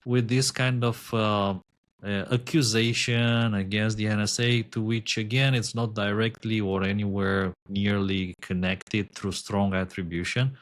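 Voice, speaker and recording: Low-voiced man. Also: flat delivery. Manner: measured, many filler ums. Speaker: podcast co-host. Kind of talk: casual chat.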